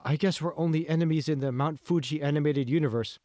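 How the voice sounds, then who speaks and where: A friendly, tomboyish young woman who talks in a chatty, upbeat way, pitched up from the reader's usual voice by a man. It is a dry, close audiobook recording. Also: steady tone, quick pace, mellow, no echo, lightly acted.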